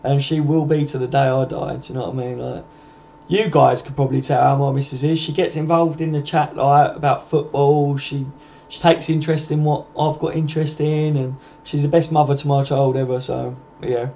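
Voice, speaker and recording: A man's voice: fairly high pitch, level tone, normal speed, gravelly, mellow, a little hiss or hum. Chatty laddish man, dull lo-fi audio. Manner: laddish, chatty, swears, laughs often, reads out comments. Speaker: live-stream host answering chat. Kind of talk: casual live-stream chat.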